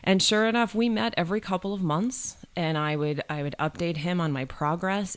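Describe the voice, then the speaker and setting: A middle-aged woman from New York State, a college provost, telling a personal story in an interview and acting out the voices she quotes. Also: fairly low pitch.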